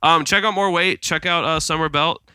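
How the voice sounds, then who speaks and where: A man's voice: fairly high pitch, fairly even intonation, normal speed, pushed and bright. A man co-hosting a podcast in casual chat, playful and joking, slipping in and out of a mock country drawl, talking into a handheld mic. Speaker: podcast co-host. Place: theatre green room.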